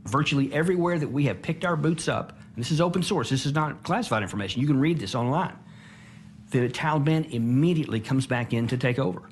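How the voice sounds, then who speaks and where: A man's voice: mid-range voice, expressive, fast, a little hiss or hum. A man speaking in a documentary interview, blunt and emphatic, often restarting his words. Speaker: interviewed commentator.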